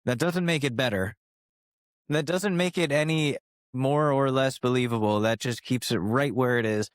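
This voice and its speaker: A man's voice: medium pitch, normal speed, dry recording. A man in his twenties hosting his own podcast, talking in a sarcastic, rambling and profane way on a studio microphone. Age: 20s. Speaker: podcast host. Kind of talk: casual solo podcast monologue. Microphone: studio microphone with compressor.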